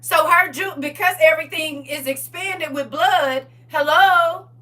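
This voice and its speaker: A woman hosting a livestream, talking in a casual, preachy, comic way, animated, laughing and teasing. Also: high-pitched, a little slow, distant mic. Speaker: livestream host.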